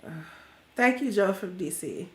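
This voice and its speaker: Congested woman with a high voice, roomy sound. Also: lively intonation, unhurried, bright, forceful tone. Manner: blunt, preachy, colloquial. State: congested, stuffy nose. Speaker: livestream host. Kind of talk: opinionated livestream commentary.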